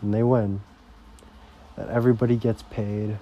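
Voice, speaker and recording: A man's voice: fairly low pitch, little pitch movement, lo-fi sound, slight background noise. A young man ranting casually and profanely on a vlog, rambling from topic to topic. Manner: rambling, heavily profane, slow-paced. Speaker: vlogger.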